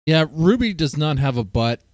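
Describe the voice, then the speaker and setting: A man's voice: a little high, big pitch swings, moderate pace, no echo. A man hosting a livestream, giving a rambling, crude reaction commentary full of fillers. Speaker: streamer host.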